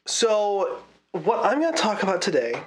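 A man's voice: sits high, sing-song, moderate pace. A man co-hosting a podcast in casual chat, explaining in a rambling, hesitant way with many fillers. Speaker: podcast co-host.

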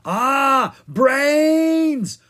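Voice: medium pitch, expressive, takes it slowly, husky, pitched above the performer's own voice, heavily acted. A reader voicing a jumpy, complaining young male dragon in a children's storybook, squealing when scared. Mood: screaming.

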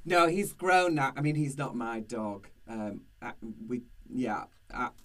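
A man's voice: medium pitch, lively intonation, unhurried. A man co-hosting a podcast, talking in a camp, playful, theatrical way. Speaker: podcast co-host. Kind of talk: casual chat.

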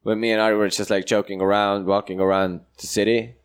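Halting low-voiced Estonian man. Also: level tone, smooth. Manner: halting, many "like" fillers, laughs often. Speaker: comedian podcast co-host. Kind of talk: casual chat.

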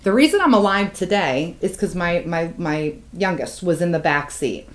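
A woman co-hosting a podcast, telling a painful personal story with raw emotion and plenty of swearing. Her voice drops low and hushed, then climbs loud and heated. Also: lively intonation, normal speed. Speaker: podcast co-host. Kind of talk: candid podcast chat.

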